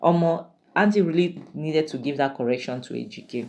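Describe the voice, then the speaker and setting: Low-voiced, chatty woman. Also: a little fast, gravelly, darkish tone. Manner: chatty and opinionated, with exclamations and asides. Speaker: drama reviewer. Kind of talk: casual spoken recap of a drama series.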